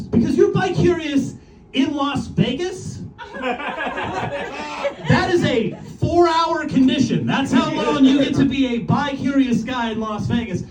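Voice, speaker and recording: A man with a strikingly high voice doing stand-up in a club, heard from a bit off the mic in a roomy space. He rambles and swears, poking fun at himself while a crowd laughs clearly behind him. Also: far from the mic. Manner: rambling, profane, self-mocking. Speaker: stand-up comedian. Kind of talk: stand-up comedy set. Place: comedy club stage. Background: audience laughter.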